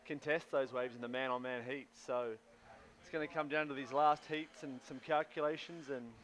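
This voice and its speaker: A man's voice: medium pitch, fairly even intonation, normal speed, fairly bright tone. A man with a New Zealand accent giving easygoing color commentary at a live sports event. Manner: laid-back, easygoing, says mate.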